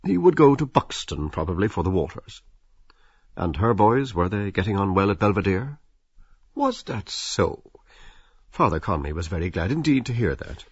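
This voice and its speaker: Deep husky male audiobook narrator. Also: a little fast, dry recording, dull audio. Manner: expressive, slips into characters' inner voices.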